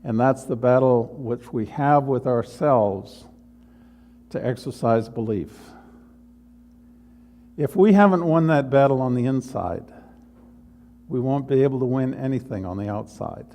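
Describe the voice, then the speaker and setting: A male pastor delivering an earnest, unhurried sermon in a church. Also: mid-range voice, warm tone. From United States. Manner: slow, earnest preaching with pauses. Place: church sanctuary.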